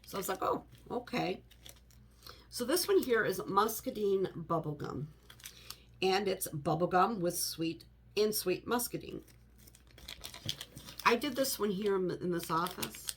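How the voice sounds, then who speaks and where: A woman's voice: mid-range voice, measured pace, a little hiss or hum. A middle-aged woman chatting casually to the camera in her home office, rambling with many "you know" asides. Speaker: home fragrance vlogger.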